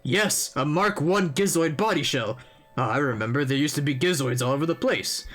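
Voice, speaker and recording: A man reads lines for an elderly male echidna historian from a game, sounding mild, wistful, and sentimental. His lively, swooping voice is pushed up to a fairly high pitch, at normal speed.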